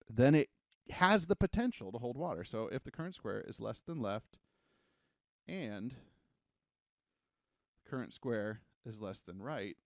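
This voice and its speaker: A man's voice: medium pitch, darkish tone, no room sound, clean studio sound. A man giving a casual, joking coding lesson at a whiteboard, rambling into self-deprecating asides and sounding a little out of breath. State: a bit out of breath. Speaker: coding tutor.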